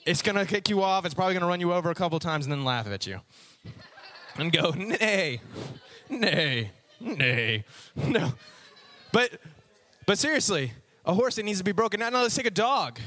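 A man's voice: high-pitched, racing, few pauses. A young adult man, a youth pastor, giving a casual sermon, telling stories animatedly and acting out voices with frequent laughs. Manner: animated storyteller, acts out voices, laughs often.

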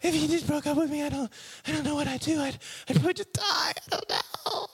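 Man doing a high, whimpering drama-queen girlfriend, over the top. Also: quick pace, creaky. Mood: dramatic. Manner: overwrought, whimpering. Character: dramatic young woman after a breakup.

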